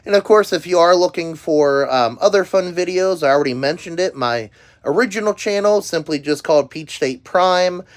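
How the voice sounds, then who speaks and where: A man's voice: fairly high pitch, normal speed. Rambling man reviewing shirts, many ums. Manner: rambling, filler-heavy with frequent um and uh. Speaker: YouTube host reviewing merchandise. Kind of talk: casual product review.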